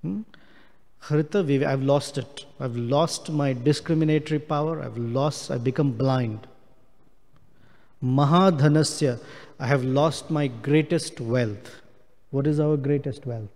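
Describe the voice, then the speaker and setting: Slow-speaking man lecturing in a reverberant hall. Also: medium pitch, darkish tone. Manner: slow, explains Sanskrit verse word by word. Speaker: speaker giving a scripture class. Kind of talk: devotional scripture lecture. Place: temple hall.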